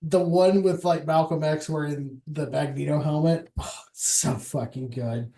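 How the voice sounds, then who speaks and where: A male stream host whose voice sits a little high. He chats loosely and casually, drops swear words freely and breaks into laughs between thoughts. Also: fairly even intonation, measured pace, gravelly, dark tone, slight background noise. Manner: laid-back, swears, laughs often. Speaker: show host.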